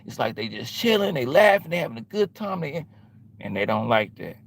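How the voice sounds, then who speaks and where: A man with a medium-pitched, gravelly, sing-song voice talks fairly quickly. He's hosting a livestream and answers his chat in a confrontational, repetitive, slang-heavy way.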